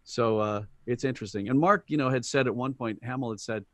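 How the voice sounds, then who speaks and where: A man's voice: medium pitch, a little fast, few pauses, fairly bright tone, dry recording, studio quality. A middle-aged man, a voice actor guest, chatting animatedly in an interview and retelling anecdotes with quoted voices. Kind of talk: casual interview storytelling.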